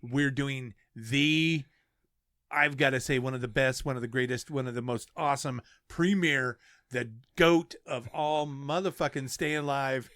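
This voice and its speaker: A man's voice: medium pitch, measured pace, a bit bright, dry recording, clean studio sound. A man co-hosting a podcast, laid-back and profane, reading movie details. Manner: laid-back, profane, stumbles over names. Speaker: podcast co-host. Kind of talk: casual chat and reading movie info.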